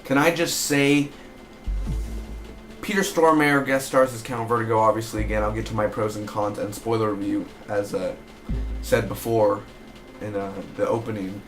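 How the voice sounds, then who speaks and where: A man giving a casual, excitable spoken review of a TV episode, rambling with fillers as he recaps. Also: fairly low pitch, moderate pace, soft background music.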